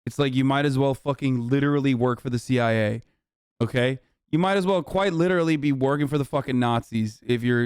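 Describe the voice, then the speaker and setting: A man's voice: mid-range voice, a little fast, darkish tone, clear, resonant tone, dry recording, clean studio sound. A young adult man streaming, ranting heatedly and profanely at his chat in casual reaction commentary.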